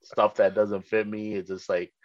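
A man's voice: on the low side, flat delivery, no room sound. Rambling young man on a muffled line. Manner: rambling, halting, full of "like". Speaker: podcast guest. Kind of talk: casual chat.

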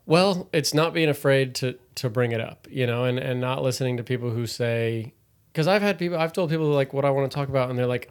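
A man's voice: mid-range voice, a little fast, clean tone. A young man, a stand-up comedian, talking loosely in a casual podcast conversation, rambling with lots of fillers and restarts.

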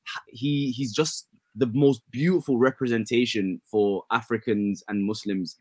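A man, co-hosting a casual sports chat, earnest and relaxed, with many fillers. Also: medium pitch, a little slow, dry recording. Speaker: podcast co-host.

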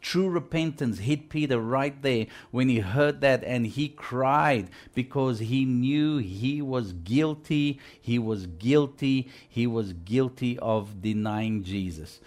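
A man's voice: mid-range voice, takes it slowly, few pauses, a little mellow. A man preaching a sermon, retelling scripture in a conversational way and urging his listeners with emphasis.

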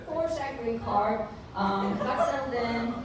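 A woman's voice: fairly high pitch, slow pace. A woman from England performing a stand-up routine, hesitant, with lots of ums, laughing at her own jokes. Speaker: stand-up comedian. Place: comedy club stage. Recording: far-off mic in a noisy, echoey club. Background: audience laughter.

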